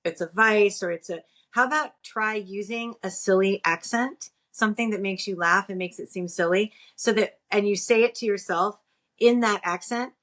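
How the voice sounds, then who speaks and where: A woman's voice: mid-range voice, moderate pace, a bit bright. A woman co-hosting a podcast, giving earnest, encouraging advice in casual conversation. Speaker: podcast co-host.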